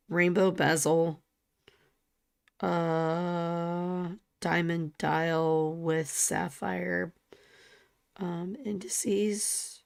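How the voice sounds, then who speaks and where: A woman co-hosting a casual livestream, talking slowly and often dropping into a soft near-whisper. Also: lowish voice, vocal fry, no room sound, studio quality. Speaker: livestream co-host.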